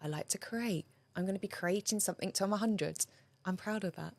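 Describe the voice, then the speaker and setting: A woman's voice: mid-range voice, fairly quick, vocal fry, a little mellow, no room sound. Earnest woman coach, dry close sound. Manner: earnest, heartfelt, leans on "you know" and "right?". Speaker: relationship coach, podcast guest. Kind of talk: conversational interview.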